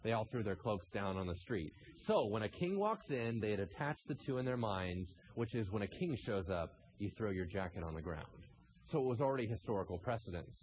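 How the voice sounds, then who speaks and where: Animated male preacher, lively pitch. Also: moderate pace, few pauses, highs cut off, a little hiss or hum. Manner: animated, rhetorical questions to the congregation. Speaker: pastor. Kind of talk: sermon.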